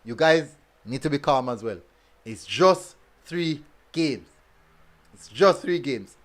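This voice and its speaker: A man's voice: medium pitch, lively intonation, slow pace. A man hosting a casual football review stream, reading chat comments and talking in a chatty way, full of fillers and repeated phrases.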